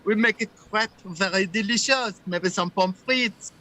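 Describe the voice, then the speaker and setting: A man's voice: high-pitched, a little slow, bright, forceful tone, rough recording. A man putting on a jokey mock French Canadian accent as a hammy welcoming host. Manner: hammy, playful.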